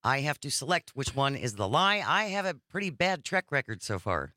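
A man with a bright, slightly high voice introduces a podcast game segment with playful banter. His pitch swings widely, and the sound is dry and close. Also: normal speed, dry recording. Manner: playful banter, animated intonation. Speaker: co-host guessing the lie. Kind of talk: casual podcast chat.

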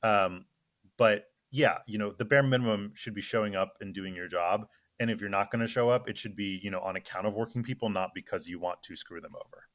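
A man's voice: on the low side, fairly quick, fairly bright tone, dry recording. A man talking politics as a guest correspondent, speaking loosely with lots of fillers and a dry, sarcastic edge. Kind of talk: casual political chat.

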